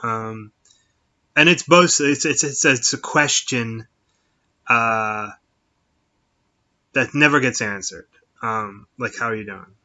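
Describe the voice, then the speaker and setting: Middle-aged male host, very bright tone, rambling casual chat, dull lo-fi recording. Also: mid-range voice, slow, long pauses. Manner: rambling, with many fillers and restarts. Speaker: podcast host. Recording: dull lo-fi sound.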